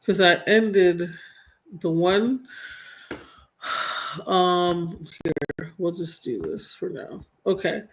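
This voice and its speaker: A woman's voice: fairly low pitch, drawn-out words, long pauses. A young woman hosting a casual live-stream commentary show, chatty and exasperated, with slangy asides to her viewers.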